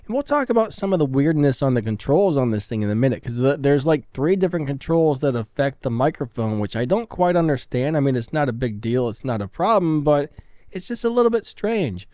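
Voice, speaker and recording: A man talks through a gear review in an easy, chatty way. His voice is mellow and dark, recorded close and dry on a studio broadcast mic. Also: medium pitch, fairly quick, dry recording. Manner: relaxed, chatty explaining. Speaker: product reviewer. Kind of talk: casual product review demo. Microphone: studio broadcast microphone.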